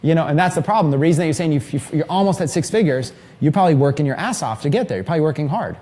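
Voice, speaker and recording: A man in his thirties giving an energetic, rambling live seminar talk to a small group in an event room. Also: fairly high pitch, very fast. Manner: energetic, rambling, filler-heavy. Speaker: mastermind trainer.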